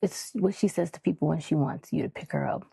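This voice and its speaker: A woman's voice: low voice, brisk, gravelly, warm tone, breathy edge, no echo. A woman hosting a podcast, talking in a candid, heartfelt, rambling way with lots of fillers. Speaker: podcast host. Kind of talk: casual podcast monologue.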